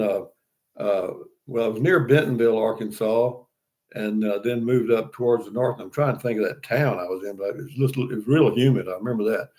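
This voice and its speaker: A man's voice: mid-range voice, darkish tone. An older man hosting a casual livestream, chatting in a folksy, rambling way and reading out viewer comments. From Texas. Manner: folksy, rambling, many fillers and restarts. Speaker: livestream host.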